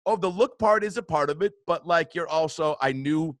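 A man with a fairly high-pitched voice hosts a podcast at a moderate pace, in a dry recording. He tells a story in a casual way, swears frequently, imitates people's quotes, and laughs often.

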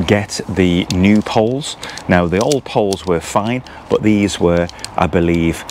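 Brief: male gear vlogger, unhurried, detailed, self-deprecating, lowish voice. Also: background noise. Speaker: outdoor gear reviewer. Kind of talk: casual gear review vlog.

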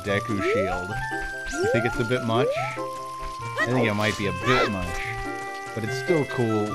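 A man streaming a video game, chatting casually and answering his viewers as he plays. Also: on the low side. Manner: relaxed, chatty, reads and answers chat. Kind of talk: casual live-stream gameplay chat. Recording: game music behind the voice.

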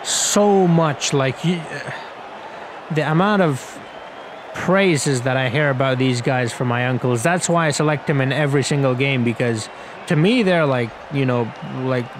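A young man giving rambling, casual play-by-play commentary over a cricket video game, getting excited on big shots. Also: mid-range voice, a little slow. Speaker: gaming commentator. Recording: loud crowd and game noise behind.

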